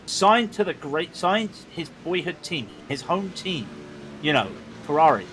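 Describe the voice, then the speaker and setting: A man commentating on a sim racing stream, chatty and excitable with quick asides. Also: fairly high pitch, slight background noise. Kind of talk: live race commentary chat.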